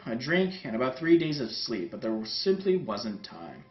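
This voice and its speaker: Host reading fanfic for laughs, very lively pitch, roomy echo. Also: male voice, normal speed. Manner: animated, wry delivery. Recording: roomy, dull sound, faint music.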